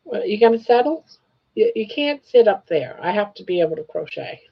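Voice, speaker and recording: An older woman hosting a casual live crochet stream greets viewers and talks fondly with her pet. Her medium-pitched voice swings widely in pitch, runs a little fast, and sounds creaky with a breathy edge, all in dull lo-fi stream audio.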